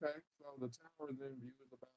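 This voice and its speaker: A man runs a tabletop game in easy, chatty narration, restarting his sentences and stacking up "you know"s. His voice sits at an ordinary middle pitch. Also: steady tone, rapid-fire, darkish tone. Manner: loose, repeats words, frequent restarts and "you know". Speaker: game master.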